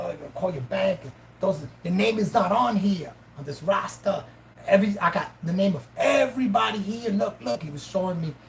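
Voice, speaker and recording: A woman's voice: lowish voice, vocal fry, slight background noise, rough recording. A woman host casually telling a story on a live stream, swearing freely and acting out both sides of the dialogue. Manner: profane, animated, acts out both sides of dialogue.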